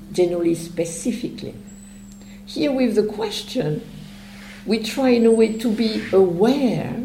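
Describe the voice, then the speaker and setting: A woman explains a meditation method in a calm, reflective way, taking her time over each phrase. Her voice is mellow and slightly gravelly. She is recorded in an echoey room with a faint hum behind her. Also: medium pitch. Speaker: meditation teacher. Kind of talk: slow meditation teaching.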